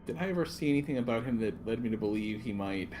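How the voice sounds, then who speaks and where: Halting man player, mid voice. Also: mid-range voice, animated, darkish tone, soft background music. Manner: halting, restarts sentences. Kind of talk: tabletop role-play chat.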